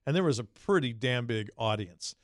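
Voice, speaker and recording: An animated man co-hosting a casual sports podcast, with a medium-pitched voice. He tells stories with gusto and leaps up high when he quotes people. His voice sounds close and dry, with no room echo. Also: moderate pace. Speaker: podcast co-host.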